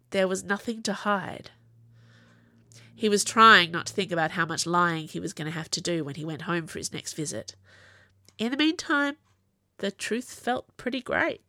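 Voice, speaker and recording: A woman giving an even, measured scripted narration of a novel. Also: on the low side, vocal fry, dry recording, clean studio sound. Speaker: audiobook narrator.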